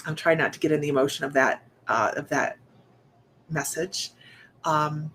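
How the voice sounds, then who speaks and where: A woman giving a live-streamed psychic reading, speaking softly and haltingly with many restarts, straight to her viewers. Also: low voice, slight background noise. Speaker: psychic medium.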